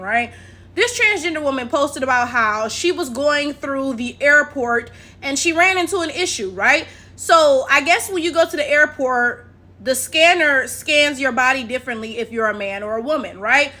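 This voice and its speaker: High bright American woman vlogger. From United States. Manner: animated, keeps asking "right?" to the viewers. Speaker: commentary vlogger. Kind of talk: casual commentary monologue. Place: at home at her laptop.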